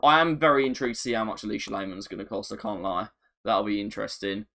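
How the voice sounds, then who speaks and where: A man chatting on a live stream, excitable and self-mocking, often repeating himself. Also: fairly low pitch, quick pace, creaky. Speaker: gaming streamer. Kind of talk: casual live-stream chat.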